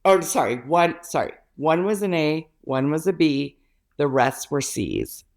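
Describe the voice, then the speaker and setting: A young woman, a podcast guest, chatting casually over a remote call and telling her story with animated, acted-out quotes. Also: low-pitched, unhurried. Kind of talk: casual chat.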